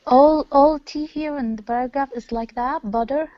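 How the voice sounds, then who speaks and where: A woman's voice: high-pitched, normal speed. A woman student reading a tongue twister aloud in an online lesson, hesitant, often repeating words. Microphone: tablet on voice chat. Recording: dull lo-fi tablet voice chat.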